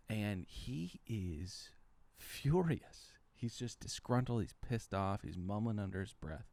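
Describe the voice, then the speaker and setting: Animated storytelling man, dry sound. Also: on the low side, moderate pace, no echo. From Los Angeles area. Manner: animated storyteller, acts out quotes. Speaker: podcast co-host. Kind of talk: casual chat.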